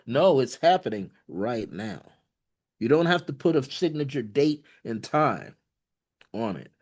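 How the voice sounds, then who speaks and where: A man speaking slowly and deliberately as he channels messages from higher beings. His voice sits at an ordinary middle pitch, and he laughs easily between gentle, repetitive encouragements. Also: big pitch swings, husky. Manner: laughs often, warm repetitions, playful corny humor; switches between relayed beings and quoted voices. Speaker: spiritual channeler. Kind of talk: channeling session, relaying messages.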